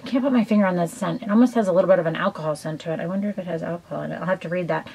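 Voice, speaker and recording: A woman's voice: lowish voice, rapid-fire, creaky, a little mellow, husky, poor audio. A woman chatting casually in a beauty haul video, enthusiastic and rambling with lots of ums and side comments. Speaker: beauty vlogger.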